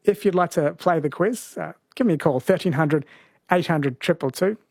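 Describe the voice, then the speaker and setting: An Australian man hosts a late-night radio talkback quiz, friendly and chatty. His voice sits a little high, and it is close and dry in the studio. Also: normal speed, gravelly, a little mellow, breathy edge, no echo. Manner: friendly, chatty, reads out listener messages.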